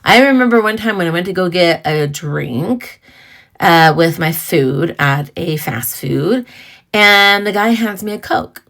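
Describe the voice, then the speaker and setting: A woman's voice: lowish voice, animated, unhurried, creaky, fairly bright tone. A middle-aged woman hosting a casual talk on emotional healing, earnest and conversational, with personal stories and asides. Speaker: podcast host.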